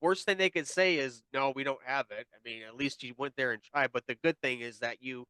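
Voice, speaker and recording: A podcast host with a bright, smooth voice rambles through his points, often restarting mid-thought. The sound is dry and close, with no room echo. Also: medium pitch, brisk. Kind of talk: casual chat.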